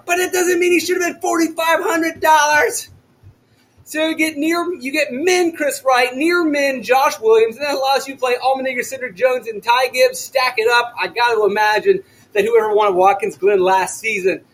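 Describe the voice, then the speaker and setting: Loud, excitable high-voiced man. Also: low-quality recording. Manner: loud, excitable, often shouting. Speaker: fantasy sports podcast host. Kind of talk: solo podcast talk.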